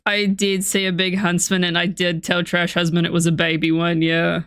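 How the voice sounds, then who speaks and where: A woman's voice: fairly low pitch, flat delivery, moderate pace, fairly bright tone, clean tone, dry recording. Chatty Australian woman streamer, dry mic. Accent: Australian, blended with Canadian. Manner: chatty, swearing, self-mocking storytelling. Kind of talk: casual chat while playing a game.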